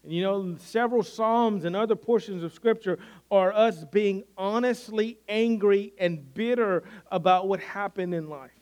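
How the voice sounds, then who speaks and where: With a high, slightly mellow voice and a somewhat slow pace, a male pastor delivers an earnest, conversational sermon, frequently restarting phrases.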